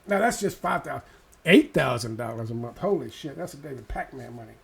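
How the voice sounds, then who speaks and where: A man's voice: mid-range voice, expressive, brisk, vocal fry, a bit bright, husky. A man ranting sarcastically and profanely in a political video commentary.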